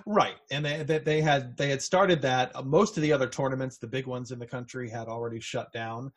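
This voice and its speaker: A man's voice: mid-range voice, steady tone, a little fast. A man hosting a casual podcast, talking in a chatty way with frequent restarts and fillers. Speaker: podcast host.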